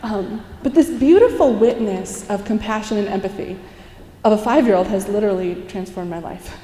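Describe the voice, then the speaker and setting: Animated woman speaker in an echoey hall. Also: medium pitch. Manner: animated storytelling, acts out quotes, laughs often. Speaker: conference speaker. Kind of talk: inspirational talk to a live audience. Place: large conference hall. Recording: echoey hall, heard from a distance.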